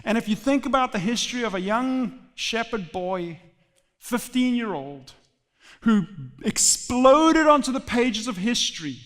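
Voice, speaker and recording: A male pastor preaching a sermon in a church sanctuary, animated and repeating phrases for emphasis. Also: extremely high pitch. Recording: long church hall reverb.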